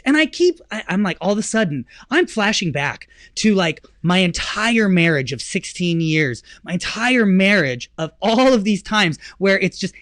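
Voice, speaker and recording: A man in his thirties tells a story on a business talk show in an animated, chatty way. His pitch swings widely as he acts out the people he quotes. The sound is dry and close, with no room around it. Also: normal speed, no echo. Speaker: podcast host. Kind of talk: casual storytelling chat.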